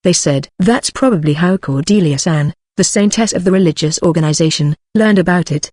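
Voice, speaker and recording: A man narrating a fantasy light novel audiobook in a steady reading voice. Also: high voice, a little fast, hardly any pauses, no room sound, clean studio sound. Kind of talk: scripted narration.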